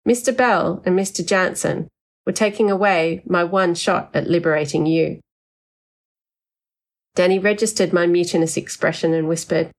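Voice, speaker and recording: A woman narrating a first-person audiobook story in a wry, expressive way. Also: on the low side, normal speed.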